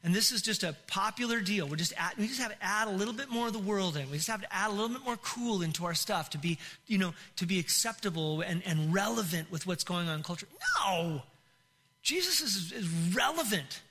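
A man's voice: sits high, fast talker, hardly any pauses, pushed and bright. A male pastor preaching a sermon in an impassioned way, with many restarts and repeated phrases.

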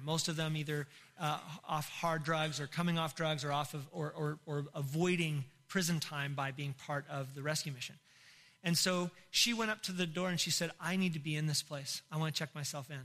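A man's voice: fairly high pitch, steady tone, brisk, a bit bright. A middle-aged man, a pastor, telling an emotional personal testimony in a sermon, breaking into laughs and near tears. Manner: emotional, tearful storytelling with laughs.

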